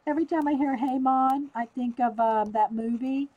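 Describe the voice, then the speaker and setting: A woman's voice: high voice, moderate pace, phone-quality sound. Chatty Southern woman on a livestream. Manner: chatty, laughs often, talks to viewers by name. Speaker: livestream host. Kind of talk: casual live-stream chat while drawing.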